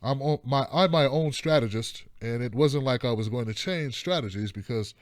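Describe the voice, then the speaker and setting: A man putting on the voice of a deep-voiced, pompous male TV news anchor as a parody, in a mock-serious broadcast delivery. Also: normal speed, dry recording, studio quality, natural voice. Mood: mock-solemn. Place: indoor home studio.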